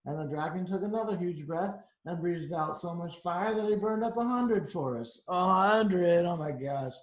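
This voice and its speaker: A man reading a picture book aloud to children, breaking off for chatty asides as he goes. His voice sits a little high for a man, and a roomy echo hangs around it. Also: expressive, normal speed, a little mellow. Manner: chatty, adds asides to the kids.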